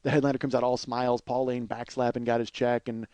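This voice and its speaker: A man's voice: mid-range voice, level tone, quick pace, mellow, clean tone, dry recording. A man in the middle of his range tells a long comedy story, swearing freely and stopping to restart his sentences. He now and then slips into voices of the people he describes. The sound is close and dry, with no room around it. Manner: profane, rambling anecdote with restarts; mimics other people's voices. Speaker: comedian podcast host. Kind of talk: storytelling monologue.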